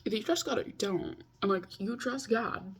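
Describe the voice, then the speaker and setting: Husky-voiced young woman vlogging casually. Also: mid-range voice, normal speed. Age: 20s. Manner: chatty, self-mocking, talks to herself. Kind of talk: casual confessional vlog. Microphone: video call.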